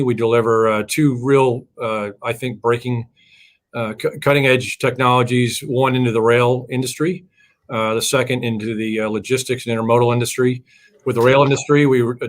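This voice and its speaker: A man being interviewed as a company CEO, explaining his firm with many hesitant fillers. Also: mid-range voice. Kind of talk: interview answers.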